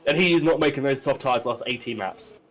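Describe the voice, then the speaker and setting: A man's voice: medium pitch, fairly quick, fairly bright tone, low-quality recording. A man giving chatty live commentary on a sim race, with many fillers and restarts.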